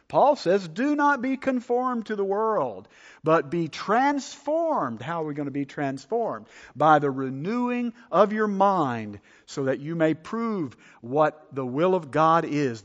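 Man preaching a sermon in a hall. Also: on the high side. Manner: animated, shifts between loud emphasis and quiet asides. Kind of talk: sermon teaching. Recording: dull reverberant hall sound.

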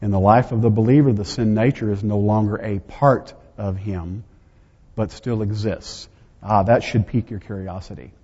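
A man delivering a sermon with a mellow, husky voice, teaching from scripture in a chatty way that keeps turning to the crowd. The sound is somewhat dull, and his voice rings with long reverb across a large hall. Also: lowish voice, fairly even intonation, normal speed. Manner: conversational, with chatty asides to himself and the audience. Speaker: preacher teaching a Bible lesson. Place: large hall before a seated audience.

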